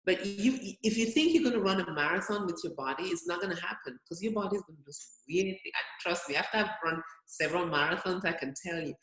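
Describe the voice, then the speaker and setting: A woman's voice: fairly low pitch, lively intonation, quick pace, hardly any pauses. A woman in her early fifties, a physician guest on an interview, telling stories with energy and acting out her own inner voice. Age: early 50s. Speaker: physician and weight loss guest. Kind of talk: interview storytelling. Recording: roomy echo.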